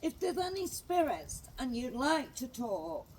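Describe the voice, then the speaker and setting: A woman works as a medium on a ghost hunt, slowly telling the others which spirit voices come through to her. Her voice sits high, and she speaks at an unhurried, drawn-out pace. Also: big pitch swings, darkish tone, a little hiss or hum, poor audio. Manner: slow, reports what she hears.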